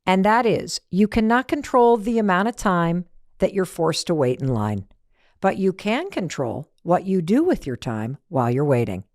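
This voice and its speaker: A middle-aged woman hosting a motivational talk, animated, asking rhetorical questions and acting out everyday scenes. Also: on the low side, moderate pace, no room sound, studio quality. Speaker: podcast host.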